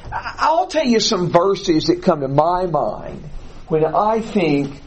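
A man teaching a classroom Bible lesson, explaining deliberately and putting questions to the class. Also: high-pitched, very animated, a little mellow, poor audio.

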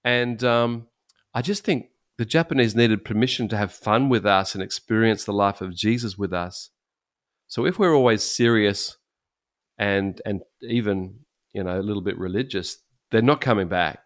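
A middle-aged man, a pastor, telling stories in casual chat, animated and laughing often. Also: fairly low pitch, normal speed.

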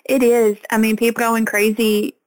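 A woman's voice: on the high side, level tone, normal speed, rough recording. A woman farmer from Arkansas with a Southern accent, talking earnestly as a guest in a casual podcast interview. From Arkansas, USA.

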